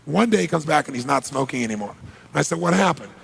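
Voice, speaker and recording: A man's voice: on the high side, lively intonation, fast talker, creaky, in a large hall, a little hiss or hum. A man giving a motivational seminar, telling stories energetically, acting out dialogue and asking the audience questions. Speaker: motivational speaker. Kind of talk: live seminar storytelling. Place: large seminar hall.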